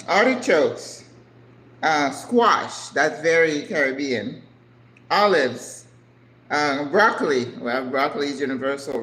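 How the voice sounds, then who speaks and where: An older woman hosting a cooking vlog, chatting casually and exclaiming excitedly over the food as she plates it. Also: low-pitched, roomy sound, rough recording.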